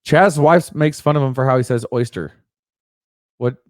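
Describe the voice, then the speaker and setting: A man's voice: mid-range voice, moderate pace, a little mellow, dry recording, clean studio sound. A man co-hosting a casual podcast, joking crudely and reading out listener comments. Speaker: podcast co-host. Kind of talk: casual chat.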